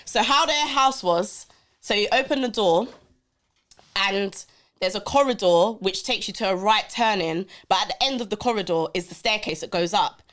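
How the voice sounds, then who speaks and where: A woman, a podcast guest telling a story in a lively, swearing way and acting out the voices in it. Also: medium pitch, normal speed. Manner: animated, acts out quotes, swears. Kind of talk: casual storytelling.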